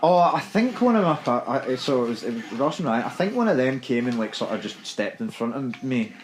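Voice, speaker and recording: A young Scottish man spinning a yarn in easy, casual chat. He is lively and laughs often, with an average-pitched voice that jumps up as the story heats up. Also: fairly quick, poor audio. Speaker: gaming podcast co-host.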